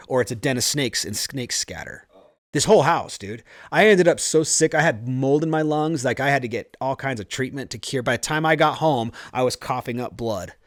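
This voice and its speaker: Male podcast host, lively storyteller, frequent laughter, dry close mic. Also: mid-range voice, no room sound. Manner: animated storyteller who laughs often. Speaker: podcast host and home inspector. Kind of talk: casual podcast chat.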